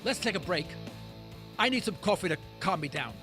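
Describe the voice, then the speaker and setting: A man's voice: high voice, sing-song, fairly quick, loud music behind the voice. A middle-aged man hosting a talk radio show, ranting emphatically and poking fun at himself. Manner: emphatic, ranting, self-deprecating. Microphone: studio mic.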